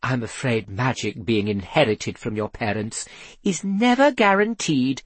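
A man reading aloud, voicing a composed, thoughtful woman investigator in an earnest, measured way. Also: medium pitch, lively intonation, husky, dry recording.

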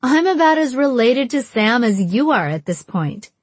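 A woman's voice: on the high side, very animated, moderate pace, breathy edge, no room sound, pitched above the performer's own voice. A woman putting on a brash, teasing young woman. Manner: pushy, dramatic, provocative.

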